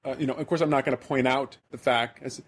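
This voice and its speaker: A man's voice: mid-range voice, fairly even intonation, fast, breathy edge. A man from the American Midwest hosting a podcast, telling a rambling, self-deprecating story in casual chat. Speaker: podcast host.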